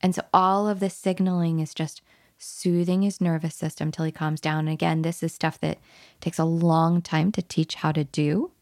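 A woman parenting coach with a low, gravelly voice. She speaks emphatically and energetically, then drops to a soft, hushed whisper to model calming words. The sound is close and dry. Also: moderate pace, dry recording.

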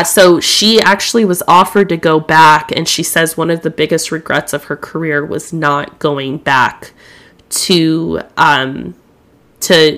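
A woman's voice: deep voice, pushed and bright. A young woman hosting a podcast alone, chatting candidly and swearing freely. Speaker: podcast host. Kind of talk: casual solo podcast chat.

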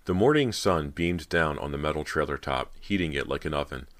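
A man reading a horror novel aloud as narrator, telling it in a measured, steady way. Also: a bass voice. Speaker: audiobook narrator.

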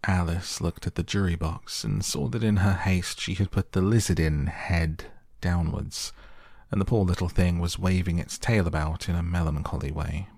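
A man calmly and slowly narrating a storybook to help listeners sleep. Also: deep voice, vocal fry, dry recording, clean studio sound. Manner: calm, slow, soothing. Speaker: audiobook narrator. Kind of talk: soft bedtime storybook reading.

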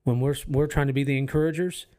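An earnest man talks through a faith podcast, pausing and restarting as he feels for his words. His tone is reflective and sincere, and his voice sits at an ordinary middle pitch. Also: steady tone, warm tone. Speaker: podcast co-host. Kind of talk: casual faith podcast chat. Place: office used for recording podcasts.

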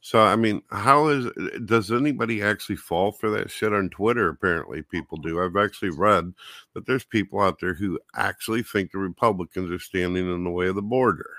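Deep, bright-voiced man griping angrily. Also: fairly quick, no room sound, clean studio sound. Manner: angry, profane griping. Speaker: podcast host. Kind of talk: casual political chat.

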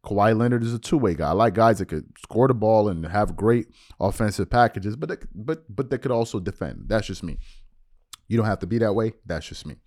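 A man's voice: lowish voice, lively intonation, brisk, darkish tone. A man hosting a sports podcast, talking casually and emphatically in slang, often repeating words. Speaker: podcast host. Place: lives abroad, recording at home.

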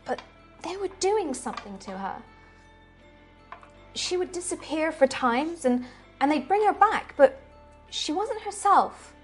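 A woman game master plays a frightened old woman locked in an asylum, in a tabletop role-play. She talks hesitantly, stumbles over her words and stays quiet and high-pitched. Soft music plays faintly behind her. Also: big pitch swings, measured pace, long pauses. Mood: worried. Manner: hesitant, fearful, stammering.

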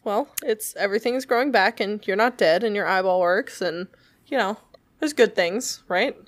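A woman's voice: medium pitch, moderate pace, no echo. A woman co-hosting a podcast in casual chat, mostly reacting with short, supportive replies. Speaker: podcast co-host.

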